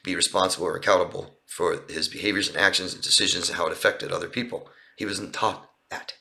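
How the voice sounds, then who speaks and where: This male relationship coach talks fast in a low, pushed, bright voice with vocal fry and fairly even intonation. He's doing a live Q&A for viewers outside by a street, earnest and explanatory, and tends to repeat and restart phrases.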